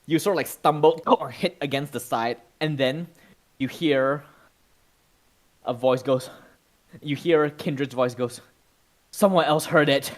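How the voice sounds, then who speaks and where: A man's voice: medium pitch, measured pace, pauses often, rough recording. A man narrating a tabletop role-playing game as game master, in a casual, descriptive way with lots of "sort of, like".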